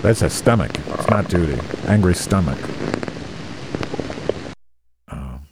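A man's voice: low-pitched, animated, normal speed, very noisy. A man telling a rambling comic story, crude and sarcastic, often going off on tangents.

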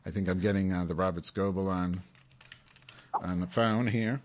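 A man hosting a comedic live stream, excitable, sarcastic and rambling, talking into a headset mic. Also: low voice, normal speed, long pauses. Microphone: headphones with mic.

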